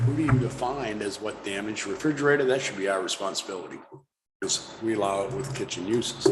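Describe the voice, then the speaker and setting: Low-voiced man in an echoey meeting room. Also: background noise. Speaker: selectman. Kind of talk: public meeting discussion.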